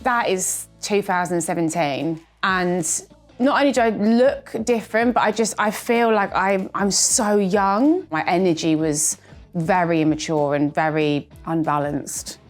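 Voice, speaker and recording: A woman in her thirties talks openly and with self-mocking humour about her past. Her voice sits a little low, and faint music plays behind her. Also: a little slow. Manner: candid, chatty, self-mocking. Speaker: reality TV star. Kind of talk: reacting to old clips, casual chat.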